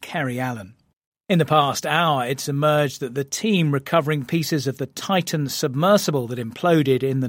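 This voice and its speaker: A male news presenter reading the bulletin in a measured, formal way. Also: medium pitch, dry recording.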